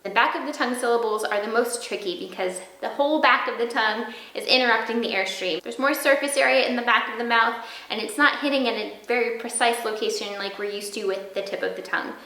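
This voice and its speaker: A woman flute teacher giving a clear, step-by-step lesson and sounding out practice syllables. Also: a little high, fast, hardly any pauses, pushed and bright, echoey room, poor audio. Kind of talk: instructional video lesson.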